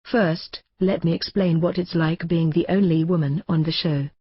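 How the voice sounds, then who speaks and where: Low husky woman reading a wry memoir. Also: fairly even intonation, normal speed, dry recording. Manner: wry, blunt storytelling. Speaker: audiobook narrator. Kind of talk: first-person memoir reading. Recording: dull lo-fi recording.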